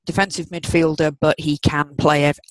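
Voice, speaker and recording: A man giving casual football analysis on a podcast, often pausing and repeating words as he builds his point. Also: a little high, flat delivery, a bit bright, dry recording, poor audio. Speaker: football pundit.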